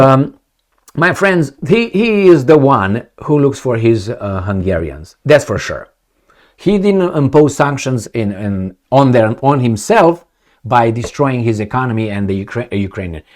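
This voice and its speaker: A man giving casual, rambling political commentary on his channel, sarcastic and swearing freely. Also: mid-range voice.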